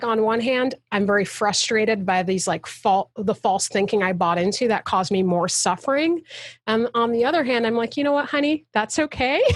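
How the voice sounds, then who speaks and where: A woman's voice: mid-range voice, no echo. A woman, a guest actor, talking passionately and emphatically in a casual interview over a video call. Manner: passionate, emphatic, soapbox ranting.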